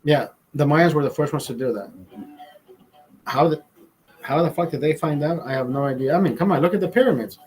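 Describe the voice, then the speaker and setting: A man's voice: a little high, a little fast, pauses often, a little mellow, rough recording. A man, a father, hosting a show from a studio, telling stories in a loose, profane, rambling way with lots of restarts. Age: adult, father. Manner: profane, restarts often, storytelling. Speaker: show host. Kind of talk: casual rambling chat.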